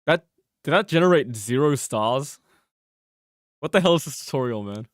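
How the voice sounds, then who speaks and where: A young man giving casual, swearing, joking commentary while streaming a game, his mic close and peaking loud. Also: mid-range voice, moderate pace, dry recording. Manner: animated, swearing, laughing, joking.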